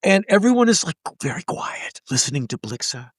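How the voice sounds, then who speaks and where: A man's voice: high-pitched, big pitch swings, fairly quick, vocal fry, few pauses, no echo, clean studio sound. A man in his sixties, a podcast guest, telling a story animatedly and acting out the people in it. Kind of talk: storytelling in conversation.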